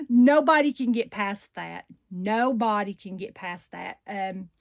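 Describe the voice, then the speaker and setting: A woman with a deep Southern country accent, chatting casually and at length to her viewers as a doll channel host. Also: slow pace, creaky, no room sound, clean studio sound. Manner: chatty and rambling, warm Southern slang.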